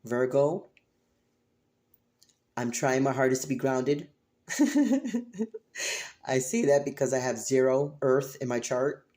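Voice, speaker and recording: A woman's voice: very deep voice, flat delivery, moderate pace, few pauses, dark tone. Passionate, swearing tarot woman in her forties. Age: 40s. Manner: passionate and emphatic, swears freely, repeats phrases for emphasis. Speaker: tarot reader and channel host. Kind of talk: emotional personal monologue.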